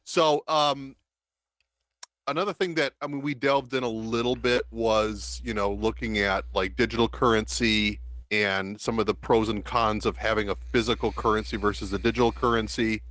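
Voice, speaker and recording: A man's voice: on the low side, steady tone, moderate pace, a bit bright, no room sound, rough recording. A man co-hosting a podcast in casual chat, thinking aloud and rambling through his points. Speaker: podcast co-host.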